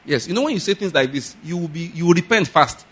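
A male pastor delivers a sermon. He tells stories and acts out both sides of a conversation, swinging from loud exclaims to quieter asides. His voice sits a little higher than most men's. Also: quick pace, breathy edge. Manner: animated storytelling, rising to loud exclaims.

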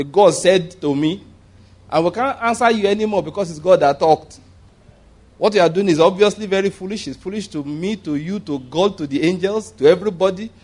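A man with a slightly high voice preaches an animated, funny sermon, frequently starting sentences over and performing the voices of those he quotes.

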